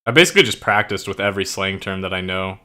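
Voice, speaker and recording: Young streamer guy rambling casually, kinda low pitched, sharp bright voice, lots of like and bro. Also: expressive, fast talker. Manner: loose and profane, lots of "like" and "bro"; explains slang with enthusiasm. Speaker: streamer and writer. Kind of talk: casual chat while writing.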